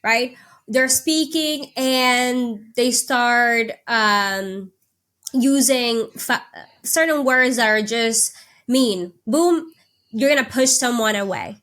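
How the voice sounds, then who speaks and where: A woman's voice: fairly high pitch, takes it slowly, a bit bright. A woman hosting a podcast, talking conversationally and setting up questions for her guest, checking in with "right?". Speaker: podcast host. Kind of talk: casual interview talk.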